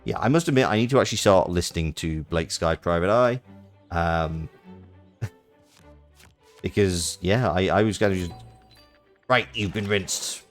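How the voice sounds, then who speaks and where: A man's voice: deep voice, animated, moderate pace, pauses often, soft background music. A British man streaming a game, chatting casually and rambling with restarts. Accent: British English.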